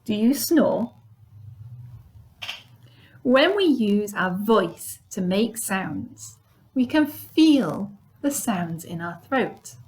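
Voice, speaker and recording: Woman teacher for a kids' lesson, unhurried and patient, pitch in the middle. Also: big pitch swings, darkish tone. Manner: demonstrates sounds, bilingual repetition. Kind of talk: slow, clear lesson for young children.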